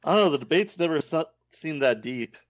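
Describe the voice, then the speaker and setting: A man's voice: fairly high pitch, lively intonation, fairly quick, no echo, muffled recording. A man in casual podcast chat, dry and blunt, correcting the others. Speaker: podcast co-host.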